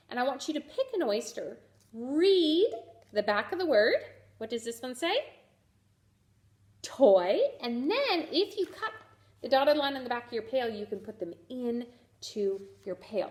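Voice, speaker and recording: A woman's voice: sits high, a little mellow. A woman teaching a phonics lesson to young children, sounding out each letter and praising often. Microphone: recorded to camera for a video lesson.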